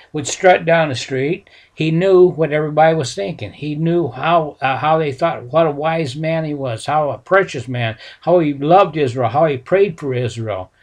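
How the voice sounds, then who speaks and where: A male preacher retelling a Bible story in a folksy, halting way, full of restarts. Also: on the high side. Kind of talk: sermon storytelling.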